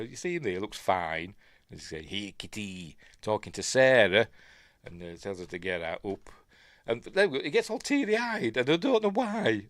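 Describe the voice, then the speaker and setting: A man's voice: medium pitch, a bit bright, no room sound. A man with a Yorkshire accent giving a casual film review, rambling and muttering asides to himself. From Yorkshire, England.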